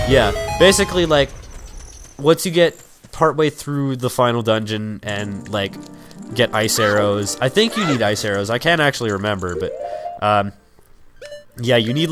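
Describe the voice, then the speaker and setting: A young man giving casual, rambling gameplay commentary, crude and full of fillers. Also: lowish voice. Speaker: let's play commentator. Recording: game music behind.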